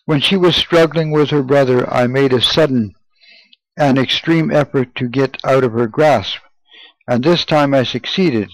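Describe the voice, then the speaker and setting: A man reading an old first-person memoir aloud in a measured, solemn way. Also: medium pitch, dry recording, rough recording. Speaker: reader. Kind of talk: audiobook narration.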